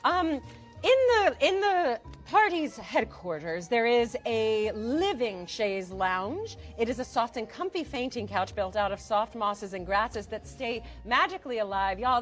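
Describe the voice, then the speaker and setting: A woman narrating a tabletop game as dungeon master, gentle and playful. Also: on the high side, sing-song, a little slow, soft background music.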